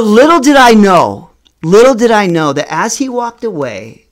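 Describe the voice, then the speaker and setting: Middle-aged man telling a story. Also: high voice. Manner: animated storyteller, slows for emphasis, restarts and repeats words. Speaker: vlogger. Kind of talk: personal storytelling to camera.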